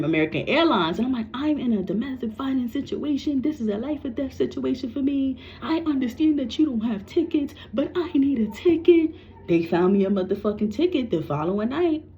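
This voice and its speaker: A psychic medium, a woman from New York, animatedly tells a personal story to camera and swears freely. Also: medium pitch.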